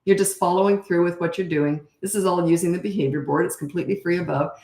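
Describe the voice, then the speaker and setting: A middle-aged woman coaching parents in a casual Q&A, blunt and matter-of-fact, now and then acting out short quotes in a higher voice. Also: fairly even intonation, fast talker, a little mellow. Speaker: parenting coach answering viewer questions. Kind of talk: casual live Q&A. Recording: roomy echo.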